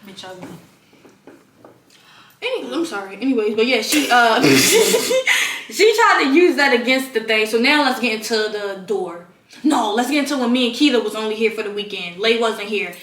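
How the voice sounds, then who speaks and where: A young woman telling a storytime in blunt, profane, animated casual chat, recorded in a shared bedroom. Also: a little high, normal speed, slight background noise. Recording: roomy, distant mic.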